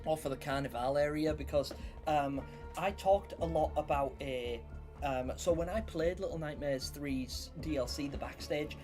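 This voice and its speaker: A man's voice: a little high, normal speed, darkish tone. A young man hosting a live stream, chatting casually and rambling as he greets viewers by name. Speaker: livestream host. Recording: faint music behind voice.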